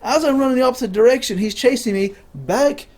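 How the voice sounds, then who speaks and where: A young man telling rambling comic stories, laughing at his own jokes and acting out voices loudly. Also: extremely high pitch, fairly quick. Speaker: comedian.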